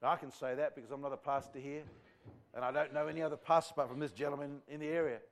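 Fervent preacher, higher voice. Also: male voice, fairly even intonation, rapid-fire. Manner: fervent, rambling, conversational preaching. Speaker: visiting evangelist. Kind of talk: revival sermon to a live congregation. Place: church before a congregation.

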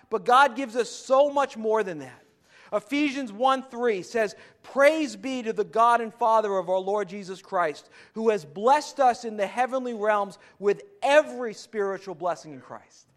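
A man with a very high voice preaches a sermon as if chatting with his congregation. He stumbles and restarts, then rises to emphatic points. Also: expressive, a little slow. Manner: conversational preaching with frequent restarts and rising emphasis. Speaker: pastor.

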